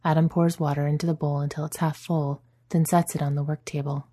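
A woman narrating a story in a soft, even storytelling manner. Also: low-pitched, a little fast. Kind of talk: audiobook narration.

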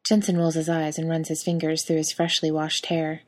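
A woman narrating a fiction audiobook in an even, steady storytelling manner. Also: deep voice, moderate pace, hardly any pauses.

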